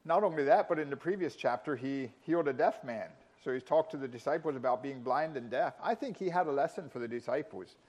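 A man preaching a sermon, emphatic, with dramatic pauses and rising intensity in quoted lines. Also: mid-range voice, darkish tone, lo-fi sound. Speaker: pastor.

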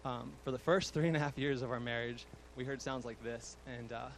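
A man's voice: mid-range voice, steady tone, brisk, a little hiss or hum, poor audio. Young man giving a fond eulogy. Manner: fond, chuckling often, with fillers. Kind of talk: eulogy speech.

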